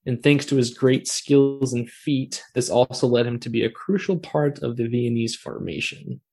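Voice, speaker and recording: A man's voice: mid-range voice, moderate pace, a little mellow, slightly rough. A man co-hosting a casual podcast, explaining things in an easygoing way with lots of "like"s. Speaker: podcast co-host. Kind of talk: casual chat.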